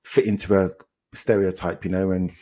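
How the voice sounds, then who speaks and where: A man with a London accent co-hosts a film podcast in an easygoing, agreeable way, often murmuring along. His voice sits a little low. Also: flat delivery, moderate pace, dark tone. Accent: London English. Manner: laid-back, agreeable, backchannels a lot. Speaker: podcast co-host. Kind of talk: casual film chat.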